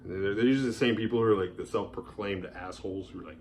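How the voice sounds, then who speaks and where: A man ranting casually about his day as the host of a horror movie review show, sarcastic and animated, swearing freely and mocking people in exaggerated voices. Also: fairly low pitch, fast, a little hiss or hum.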